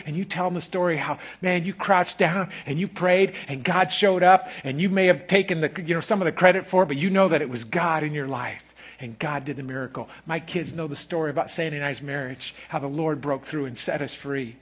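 A middle-aged male pastor delivers a sermon in a husky, raspy voice that sits a little high. He shifts between soft, confiding passages and loud, emphatic bursts. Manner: swings from hushed and intimate to loud and emphatic.

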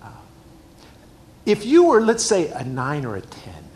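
A middle-aged man with a fairly high voice preaches a sermon. He speaks with emphasis and drives his points home by repeating key phrases. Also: huge pitch swings, unhurried, a little mellow. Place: church hall with a screen.

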